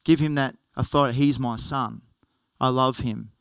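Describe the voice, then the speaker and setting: A pastor doing a gentle old father, soft and reassuring. the voice is bright and clear and dry, with almost no room sound. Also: mid-range voice, fairly even intonation, moderate pace, no echo, pitched below the performer's own voice, lightly acted. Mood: tender. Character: loving elderly father welcoming a lost son.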